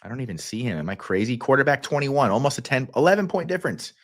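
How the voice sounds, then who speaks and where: A man with a Southern American accent, hosting a fantasy football livestream in a playful, rambling way with quick energetic bursts. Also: mid-range voice. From Kentucky. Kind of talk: casual livestream talk.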